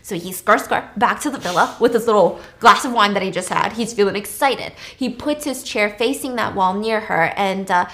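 A woman casually retelling a film plot as a podcast host, chatty and animated with sarcastic asides. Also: medium pitch.

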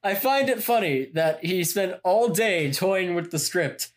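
Cohost on a podcast recap, laughs a lot, mid pitch. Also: animated. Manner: quick to laugh, eager agreement. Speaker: podcast co-host. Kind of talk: casual chat recapping a TV episode.

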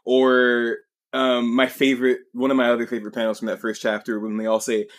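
Speaking a little fast in a mid-range monotone, a male podcast co-host has a relaxed conversation about manga. He rambles, leans heavily on fillers, and laughs often.

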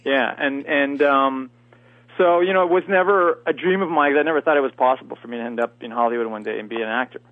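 A native French-speaking Canadian from near Montreal talks at a quick pace in a medium-pitched voice, chatting casually as a guest actor in an interview. He uses many fillers and restarts, and the recording is a dry, tinny phone line.

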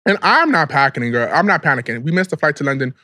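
A man's voice: fairly high pitch, animated, fast talker, pushed and bright, no echo, studio quality. A man co-hosting a podcast, sassy and profane, calling people "girl" and "bitch" as he tells his side of a story. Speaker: podcast co-host. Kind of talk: casual chat.

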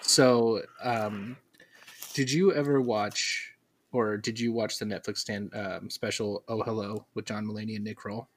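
A man's voice: on the low side, steady tone, measured pace, slight background noise. A man co-hosting a podcast who chats in a rambling, enthusiastic way. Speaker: podcast co-host. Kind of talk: casual chat.

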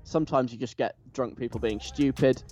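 A man's voice: mid-range voice, a little fast, faint music behind. A man chatting enthusiastically and gushing about a show he loves, restarting his sentences often. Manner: animated, gushing, with frequent restarts. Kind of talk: casual enthusiastic chat.

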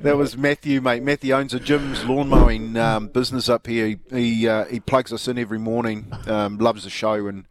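A man's voice: medium pitch, fairly even intonation, moderate pace, few pauses. A middle-aged man with a New Zealand accent, co-hosting a radio show and telling stories in a chatty, laughing way. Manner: chatty storyteller, laughs often. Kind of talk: casual chat.

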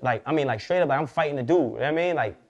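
A man, a podcast guest, telling his life story in fast, slangy, profane street talk. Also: fairly high pitch. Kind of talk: candid interview storytelling.

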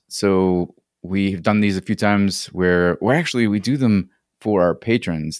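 Deep low guy hosting a laid back podcast, stumbles and repeats words, dry close mic. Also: a little mellow, no echo. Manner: easygoing, repeats words at starts. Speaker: podcast host. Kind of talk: relaxed podcast chat.

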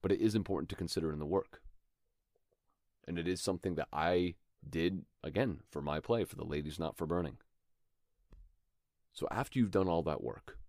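Young guy explaining acting stuff, really low voice, dry close sound. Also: darkish tone, no room sound. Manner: earnest, explains with rhythmic examples. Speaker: acting teacher and podcast host. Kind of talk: instructional talk.

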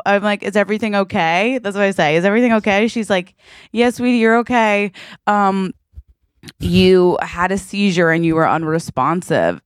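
A woman in her thirties co-hosting a podcast, telling a story in a lively chatty way, acting out her own lines and tossing in "okay?" and "like" a lot. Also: on the low side, dry recording, clean studio sound. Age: 30s. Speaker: podcast co-host. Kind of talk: casual podcast chat.

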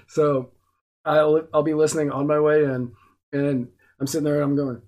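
A man's voice: a little high, level tone, normal speed, darkish tone. A man chatting casually on a podcast, bantering and joking with some swearing. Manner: casual, laughing, profane banter.

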